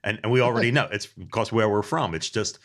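A man's voice: fairly low pitch, fast talker, fairly bright tone. A man hosting a casual podcast chat, laughing often and rambling. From Delaware County, Pennsylvania. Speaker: podcast host.

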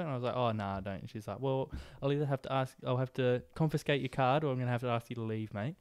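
A man's voice: medium pitch, quick pace, hardly any pauses, darkish tone, clear, resonant tone, no echo, studio quality. A man with an Australian accent, chatting casually on a podcast and telling stories in a laid-back way, full of slang. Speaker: podcast host. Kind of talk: casual chat.

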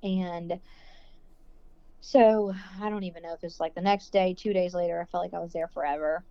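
Woman with a lowish voice telling her story, kinda rambly and emotional, says like a lot, dull muffled lo-fi sound. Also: fairly even intonation, moderate pace, creaky, dark tone, clean tone, dry recording. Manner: emotional, rambling, heavy use of "like". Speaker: guest sharing her birth story. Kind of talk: casual conversational storytelling.

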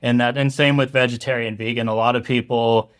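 A man's voice: medium pitch, level tone, brisk. A young man from Colorado, a food truck owner, chatting loosely in an interview with lots of fillers. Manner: loose, rambling, heavy on fillers. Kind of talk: casual interview chat.

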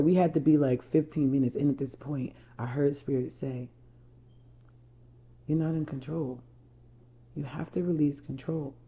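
Low-voiced life coach woman from New Jersey. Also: warm tone. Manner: emphatic, repeats herself, addresses viewers as y'all. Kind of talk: personal storytelling to camera.

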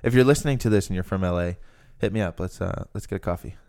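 Here the Rhode Island podcast host sounds deep, dark, and creaky, talking fast. He's still just chatting casually, rambling and leaning on lots of fillers.

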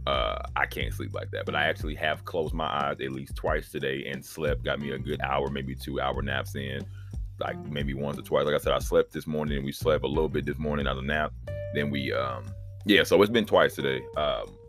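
A man hosting his own podcast, talking in a rambling, profane, animated solo monologue. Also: a bass voice. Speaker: podcast host.

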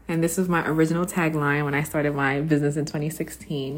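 A woman's voice: low-pitched, little pitch movement, fast talker, hardly any pauses. A woman hosting a casual solo podcast, tired after working late, chatting with listeners and calling them "honey". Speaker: podcast host.

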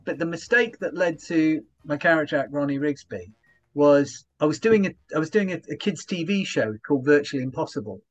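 A man, a comedian guest in an interview, telling stories in an animated way and acting out little voiced asides. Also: fairly high pitch, a little fast, dull audio, faint music behind. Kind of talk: conversational interview.

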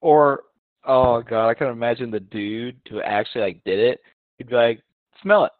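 A man's voice: mid-range voice, steady tone, moderate pace, no echo. A young man joins a casual chat as a guest, joking and acting out made-up lines. His voice comes through a thin, phone-like line with no room sound. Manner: joking, laughs, acts out imagined lines. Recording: tinny phone-like line, dry.

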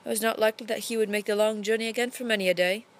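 A woman reading a storybook aloud in a put-on English accent, narrating steadily with lively emphasis. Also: medium pitch, racing.

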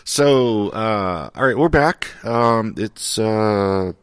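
A man's voice: fairly low pitch, lively intonation, drawn-out words, clear, resonant tone, dry recording, clean studio sound. A man hosting a podcast in casual chat, sardonic and profane, rambling with lots of fillers. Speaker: podcast host. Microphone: studio microphone.

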